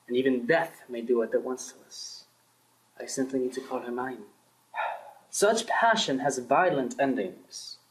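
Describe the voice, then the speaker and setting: A man's voice: medium pitch, low-quality recording. A young man performing a student radio drama, shifting his voice between several characters. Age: young adult. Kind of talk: amateur radio-play acting.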